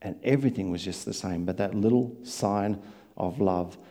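A man preaching a sermon, telling stories and swinging from quiet asides to loud emphatic lines. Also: deep voice, normal speed. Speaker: pastor.

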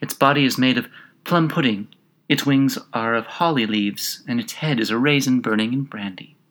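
A man reading a storybook puts on a tiny, melancholy gnat who talks in a soft, sighing, unhurried way. The tone stays bright and clear, with a slightly wistful, careless lilt. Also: medium pitch, natural voice. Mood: explaining. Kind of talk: audiobook character reading.

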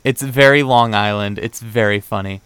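A man's voice: fairly low pitch, normal speed, fairly bright tone, smooth, no echo. A young man hosting a podcast, chatting casually and rambling through a dating story, acting out the quoted back-and-forth with lots of fillers. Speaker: podcast host. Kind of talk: casual chat.

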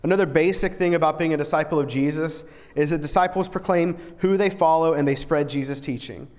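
A man's voice: on the high side, fairly quick, a little mellow. A man preaching a sermon in an earnest, conversational way, often repeating words and restarting his sentences. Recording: long reverb in a large hall.

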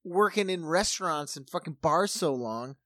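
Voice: medium pitch, expressive, moderate pace, a bit bright, no room sound. Wisecracking co-host, casual and profane, dry close sound. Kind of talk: casual chat.

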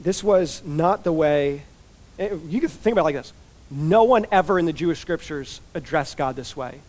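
A man's voice: a little high, animated, moderate pace, darkish tone. A man giving a conversational expository sermon as a pastor, chatty and informal, full of "like" and "you know" asides.

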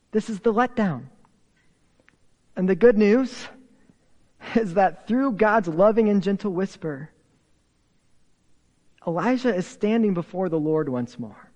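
A man with a high voice preaches a sermon at an unhurried, deliberate pace, pausing often. He swings from raised, stressed phrases down to near-whispers. His voice carries a long reverb, as if in a large church sanctuary. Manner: dramatic swings from raised emphasis to hushed whispers; slow, deliberate delivery with pauses. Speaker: pastor.

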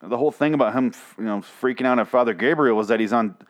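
A man's voice: mid-range voice, fast talker. A man hosting a TV review show, ranting in a casual, exasperated way, swearing often and restarting his sentences. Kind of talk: casual profane rant.

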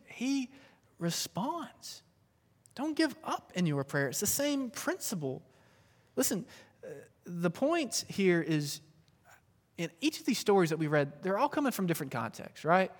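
A youth pastor delivers a sermon in a notably high, light voice. His preaching is earnest and emphatic, and his words carry a long reverb through a church sanctuary. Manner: earnest, emphatic preaching with rising and falling intensity.

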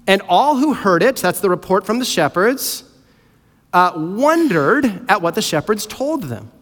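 A man preaching a sermon as pastor, animated and playfully acting out characters. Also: high-pitched. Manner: animated, acts out voices of characters. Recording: hall reverb.

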